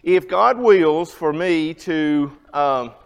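A man in his fifties teaches a church Bible class, high in pitch and conversational. He keeps asking his listeners questions. His voice rings on in a long hall echo. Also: animated, drawn-out words, gravelly, smooth. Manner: conversational, asks the audience questions.

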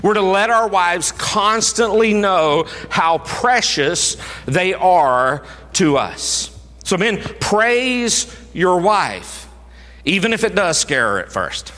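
A male pastor preaching a sermon, emphatic, swinging from raised urging to hushed low tones. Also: very animated, takes it slowly. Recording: reverberant hall.

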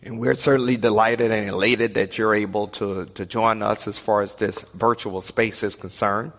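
A man teaching an online Bible study in a fairly low voice, measured and full of fillers. He keeps circling back to the same stock phrases. The sound carries a long reverb. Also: fairly even intonation, fairly bright tone. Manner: measured, repeats "as far as ... is concerned", many fillers.

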